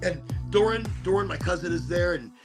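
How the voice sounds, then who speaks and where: A man hosting a podcast, telling a story in a casual, animated way, swearing and repeating words as he goes. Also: medium pitch, normal speed, creaky, over music. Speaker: podcast host.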